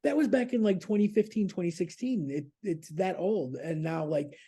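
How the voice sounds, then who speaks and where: A man's voice: high voice, normal speed, warm tone, slightly rough. A man chatting casually as a podcast's regular news contributor, rambling, laughing and swearing freely.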